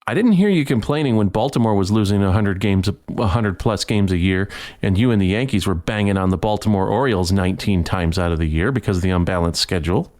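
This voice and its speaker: A man's voice: fairly low pitch, animated, fast talker, a little mellow. A man hosting a solo sports podcast, ranting heatedly and stumbling over repeated words. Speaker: podcast host.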